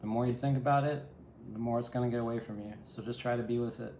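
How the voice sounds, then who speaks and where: A man's voice: mid-range voice, steady tone, fast, mellow. A man giving a solo tarot reading, musing and reflective, speaking straight to the viewer. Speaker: tarot reader. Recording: echoey room with faint ambient noise.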